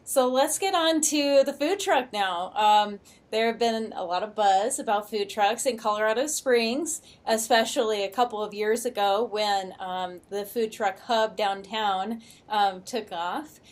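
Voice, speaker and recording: A woman's voice: mid-range voice, unhurried. A woman hosting a podcast, asking a guest friendly, appreciative questions. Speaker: podcast host. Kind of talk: interview questions.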